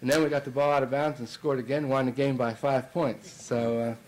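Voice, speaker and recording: A man's voice: mid-range voice, level tone, a little fast, a little mellow, low-quality recording. Storytelling male coach at a banquet. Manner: storytelling with many fillers and restarts. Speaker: basketball coach giving a banquet speech. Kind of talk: anecdotal after-dinner speech.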